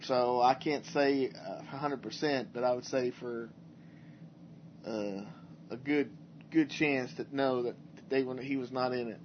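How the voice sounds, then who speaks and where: A mid-range male voice chats casually about movies on a podcast he co-hosts, rambling and halting with frequent restarts and fillers. The dull lo-fi setup adds a little hiss or hum.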